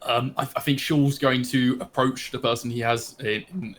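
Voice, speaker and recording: British male player, halting delivery, faint noise under the voice. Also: mid-range voice, steady tone, a bit bright. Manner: slow, halting, many fillers. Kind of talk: tabletop game chat.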